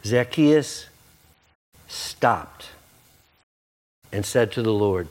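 A man's voice: mid-range voice, measured pace, pauses often. A man preaching a sermon, conversational and joking with the congregation. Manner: animated, conversational, jokey. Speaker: pastor.

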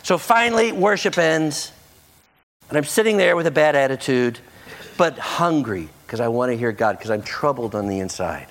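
A man's voice: mid-range voice, normal speed. A middle-aged man preaching a sermon, telling a story and acting out the people in it. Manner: animated, acts out the people in his story.

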